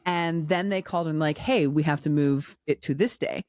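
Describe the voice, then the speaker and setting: A woman in her forties co-hosting a podcast, telling stories in a candid, animated way with quoted dialogue. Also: sits low, normal speed, no echo, clean studio sound. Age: 40s. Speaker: podcast co-host. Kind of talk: casual chat.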